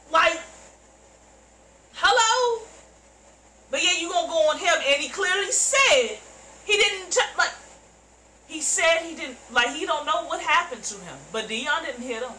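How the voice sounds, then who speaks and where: A woman reacting to a TV episode, loud, profane and heated as she comments. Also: sits high, roomy sound, slight background noise, rough recording. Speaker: reaction video host.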